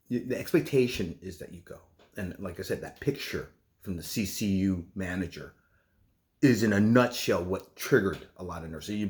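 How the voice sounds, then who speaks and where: A middle-aged man, a nurse, talking in a casual vlog from his home kitchen, rambling and halting with many restarts. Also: fairly low pitch.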